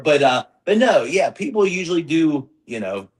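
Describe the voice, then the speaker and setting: In a rough recording, a forties-aged pro wrestler speaks in a slightly high, slightly rough voice at a moderate pace. He's candid in this podcast interview, rambling with lots of fillers and restarts, and he livens up when quoting fans.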